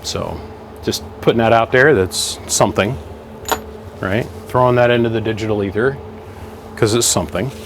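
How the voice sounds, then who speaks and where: A man's voice: on the low side, normal speed, long pauses, a little hiss or hum. A man in his home workshop, talking through radio gear in a folksy, chatty way and thinking aloud as he explains. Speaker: radio equipment hobbyist. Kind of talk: casual workshop vlog.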